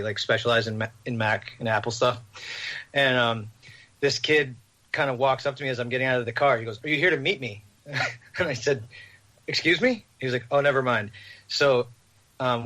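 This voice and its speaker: A man on a podcast, telling a rambling, animated story with laughs. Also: medium pitch. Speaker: podcast host. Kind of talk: casual storytelling.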